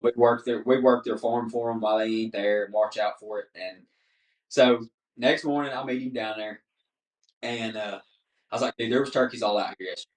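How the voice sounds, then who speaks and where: Man telling a lively story. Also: fairly low pitch, a little fast. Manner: animated storyteller, acts out dialogue. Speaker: podcast guest. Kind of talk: casual hunting story. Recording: roomy, mic at a distance.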